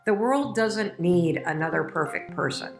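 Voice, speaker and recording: A woman's voice: fairly low pitch, lively intonation, normal speed, faint music behind. A middle-aged woman giving an emphatic, emotional motivational talk, speaking straight to her listeners.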